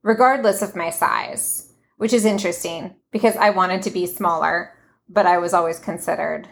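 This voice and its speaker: A woman's voice: fairly low pitch, fairly even intonation, moderate pace, creaky, slight background noise. Frank, matter-of-fact woman co-host. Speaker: podcast co-host. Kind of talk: casual conversation.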